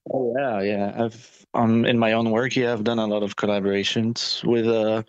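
A man's voice: lowish voice, little pitch movement, moderate pace, no room sound, lo-fi sound. A man answering interview questions about touring, talking casually with many fillers and restarts. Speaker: touring musician, interview guest.

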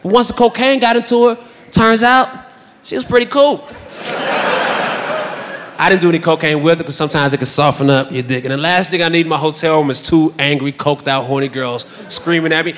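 A man's voice: a little high, a little fast, a bit bright, long reverb tail. A man telling a crude story in a stand-up comedy set.

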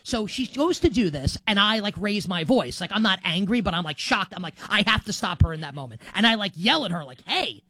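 A man's voice: sits high, expressive, a little fast, few pauses, bright, forceful tone, no echo. A man hosting a sports podcast, asking long rambling questions and chatting casually. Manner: rambling, self-interrupting questions. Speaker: podcast host.

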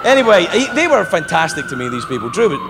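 Man, stand-up comic, animated storyteller, big pitch swings, gravelly edge, venue reverb. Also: fast talker. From England. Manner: animated storytelling, breaks into put-on voices. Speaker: stand-up comedian. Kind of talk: stand-up comedy set. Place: large comedy venue with live audience. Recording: echoey hall, noisy crowd.

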